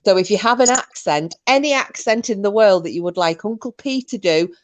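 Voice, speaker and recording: A woman's voice: mid-range voice, lively intonation, fairly quick, dry recording. A woman hosting a live online chat, reading messages out and checking that everyone can hear her. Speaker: livestream host. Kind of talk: casual chat. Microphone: online call.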